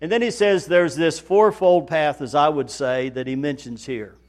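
A man preaching a sermon in a folksy manner, building to loud, emphatic repetition. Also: a little high, normal speed. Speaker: pastor.

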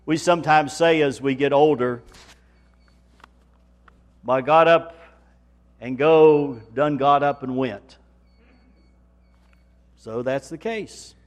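A man preaching a sermon in a folksy manner, building to loud, emphatic repetition. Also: fairly high pitch, slow, long pauses. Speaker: pastor.

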